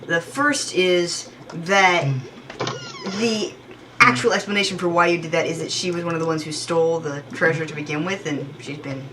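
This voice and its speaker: A woman's voice: on the low side, steady tone, moderate pace, sharp tone, a little hiss or hum. A woman commenting on a game with wry, explanatory remarks. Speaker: let's play co-commentator.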